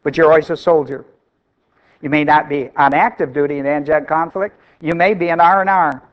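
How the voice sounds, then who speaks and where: High-voiced man preaching a sermon. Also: lo-fi sound. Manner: emphatic, repeats phrases for stress. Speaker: pastor.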